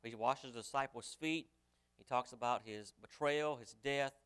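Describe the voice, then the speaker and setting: A man's voice: medium pitch, normal speed, a bit bright, clean tone. A male pastor preaching a sermon, reading scripture aloud and putting rhetorical questions to his congregation. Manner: reads scripture aloud in old-fashioned wording.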